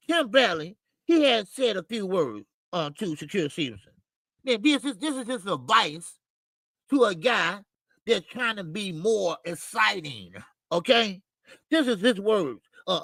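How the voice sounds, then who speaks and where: A man hosting a livestream boxing show, ranting with profanity and loud outbursts while greeting his chat. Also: high-pitched, animated, measured pace, gravelly, no echo. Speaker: boxing channel host.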